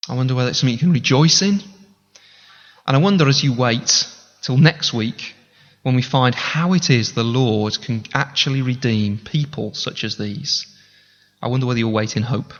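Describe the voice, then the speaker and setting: A male pastor preaches in an earnest, conversational way, turning often to direct appeals to the congregation. His voice sits a little higher than most men's, and it carries a long reverb from a church hall. The recording sounds somewhat dull and lo-fi. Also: fairly quick, a bit bright. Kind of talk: sermon. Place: church sanctuary.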